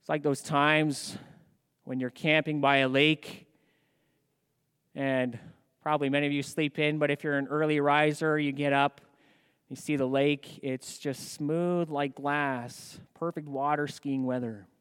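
A male pastor preaching a sermon in a church, animated and asking rhetorical questions. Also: fairly high pitch, unhurried, clear, resonant tone, in a large hall.

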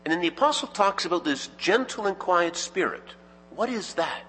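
A man, preaching a sermon as a pastor, measured and emphatic, posing rhetorical questions to the congregation. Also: high-pitched, very animated, a bit bright, a little hiss or hum. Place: church sanctuary. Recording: reverberant church hall.

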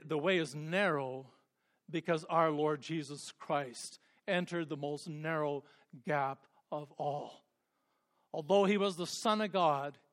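A man preaching a sermon with passion, swinging from hushed, quiet passages up to loud, emphatic peaks. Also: on the high side. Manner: impassioned, rising to emphatic peaks then dropping to hushed tones.

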